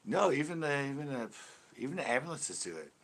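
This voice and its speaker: A man's voice: mid-range voice, big pitch swings, a little fast, gravelly, fairly bright tone. A man from California, hosting a fishing channel in casual livestream chat, ranting loosely and swearing freely.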